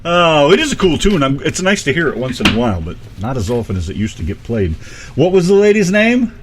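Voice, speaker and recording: A man's voice: fairly high pitch, very animated, fairly quick, noisy background. A man co-hosting a casual radio show with his wife, joking around, teasing and breaking into bits of song. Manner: joking, playful, sings bits.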